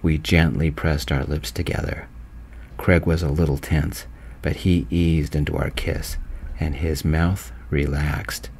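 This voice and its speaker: A man narrating his own romance story in a gentle, slow, soft-spoken voice. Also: a bass voice, flat delivery, a little hiss or hum.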